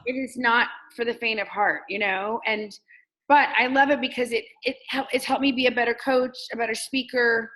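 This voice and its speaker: A Texas woman who works as a comedian and coach speaks candidly in a casual interview, telling stories packed with filler words. Her voice is a little high and steady in tone, with a slightly bright quality, at a normal speed, captured on a low-quality recording.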